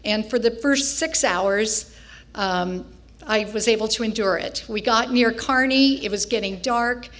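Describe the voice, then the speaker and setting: A woman's voice: a little high, measured pace, fairly bright tone. Older woman telling a wry family story. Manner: wry, self-mocking, laughs through her story. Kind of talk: personal storytelling on stage. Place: festival stage before an audience.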